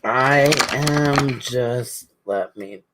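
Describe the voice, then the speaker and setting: Over background noise, a middle-aged speaker with a mid-range voice talks very slowly at a support group meeting. They give a heartfelt, emotional, rambling tribute addressed directly to a friend who is absent.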